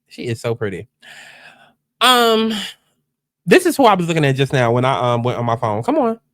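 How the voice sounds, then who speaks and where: A man's voice: a little high, very animated, a little fast, a bit bright, no echo, studio quality. A man hosting a casual reaction commentary, chatty and exclamatory as he talks straight to his viewers. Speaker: host.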